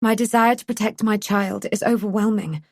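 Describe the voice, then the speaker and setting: A woman narrating an audiobook thriller in a measured, even storytelling manner. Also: medium pitch, dry recording, clean studio sound. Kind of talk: scripted narration.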